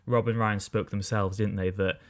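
A man's voice: lowish voice, level tone, normal speed. A man co-hosting a podcast in casual chat, talking with enthusiasm in long flowing runs. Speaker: podcast co-host.

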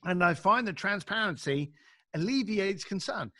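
Man, middle-aged, podcast guest, blunt and emphatic, very lively pitch. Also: normal speed, no room sound, clean studio sound. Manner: blunt, emphatic, acts out quoted exchanges. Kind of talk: animated conversational storytelling.

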